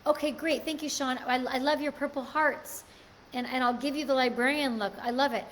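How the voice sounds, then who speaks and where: A woman's voice: high voice, steady tone, fairly quick, a little hiss or hum. A woman hosting a live stream, chatting casually and answering viewer comments. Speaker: livestream host.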